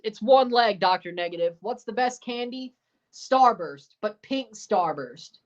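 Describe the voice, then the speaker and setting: A mid-range, lively-sounding woman calls the action of a football game on stream at a measured pace, tossing sassy answers to viewers in chat. The audio is dull.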